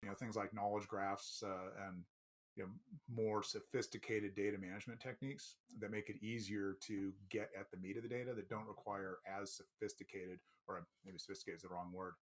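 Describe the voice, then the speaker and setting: Low-voiced thoughtful male guest. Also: fairly even intonation, a little fast. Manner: thoughtful, rambling with restarts and fillers. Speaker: interview guest, company president. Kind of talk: casual interview chat.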